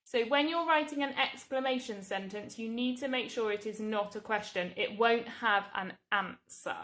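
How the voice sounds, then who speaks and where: An English woman, a primary school teacher, giving a recorded grammar lesson to young children in a slow, clear, patient way. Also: a little high, a bit bright. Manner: slow, clear, patient explaining with drawn-out example words.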